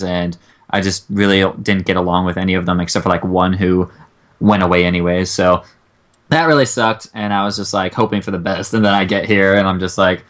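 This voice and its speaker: A young man co-hosting a casual chat, talking in long, excitable, profane rants. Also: low-pitched. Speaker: co-host.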